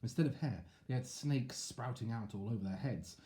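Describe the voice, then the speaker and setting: A man's voice: mid-range voice, normal speed. A man reading a picture book aloud to children, with chatty asides. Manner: animated, chatty asides to young listeners. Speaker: storyteller.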